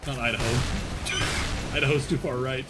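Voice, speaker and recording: A man's voice: mid-range voice, fairly even intonation, unhurried, very noisy. A man streaming, chatting casually with his viewers, rambling and swearing with frequent laughs. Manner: chats with unheard viewers, reads chat.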